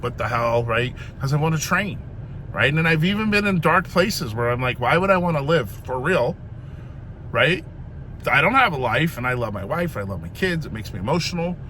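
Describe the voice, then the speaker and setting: A man's voice: medium pitch, pushed and bright, a little hiss or hum. A man in his fifties giving a rambling, emphatic motivational talk in a blunt manner, swearing freely. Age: 50s. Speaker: vlogger. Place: gym.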